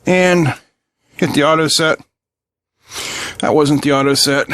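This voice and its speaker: A man's voice: a little high, slow, a bit bright. A man hosting an electronics tutorial from his workbench, talking casually and joking with viewers while he solders and tests a circuit board. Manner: joking, chatty asides while working. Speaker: electronics channel host.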